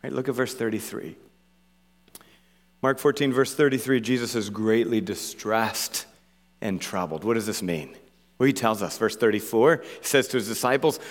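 A man's voice: fairly low pitch, moderate pace. A man preaching as pastor, earnest and emphatic, repeating key phrases and checking in with his listeners. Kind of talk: sermon. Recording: long hall reverb.

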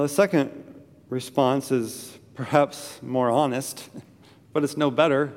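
A man's voice: medium pitch, long reverb tail. A man preaching a sermon in a church, earnest and emphatic, repeating phrases for stress. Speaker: pastor.

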